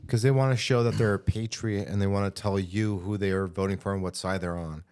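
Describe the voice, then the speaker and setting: A man's voice: lowish voice, a little fast, clean tone. A man hosting a podcast, telling stories in casual chat and swearing freely. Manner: swearing, animated storytelling. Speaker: podcast host. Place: studio.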